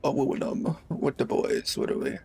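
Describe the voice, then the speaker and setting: A man's voice: normal speed, warm tone. A young man chatting casually while streaming a game, rambling and laid-back, swearing freely. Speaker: live streamer. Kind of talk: casual gaming livestream chat.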